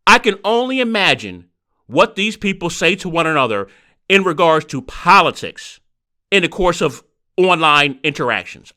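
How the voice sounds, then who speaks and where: A man hosting a solo podcast, talking in an animated, rhetorical way. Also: sits high. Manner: animated, rhetorical, mocking quoted voices. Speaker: podcast host.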